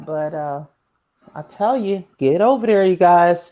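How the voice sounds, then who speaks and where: Woman from the US, casual storyteller, lively and laughing, jumps up high for punchlines. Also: unhurried, dull audio. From United States. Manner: animated, laughs often, mimics herself in quotes.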